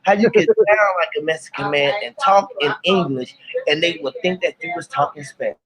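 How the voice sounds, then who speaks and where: A man hosting a live panel by phone, talking in an animated, slangy, rambling way and laughing often. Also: on the high side, brisk, crowd noise, rough recording. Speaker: host of live open panel. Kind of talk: casual live chat.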